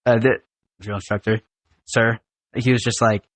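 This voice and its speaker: A man's voice: lowish voice, normal speed. A young man, a recent Marine recruit, telling boot camp stories in casual podcast chat, swearing often and acting out his drill instructors. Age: young adult. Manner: animated, profane, acts out drill instructors. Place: podcast studio.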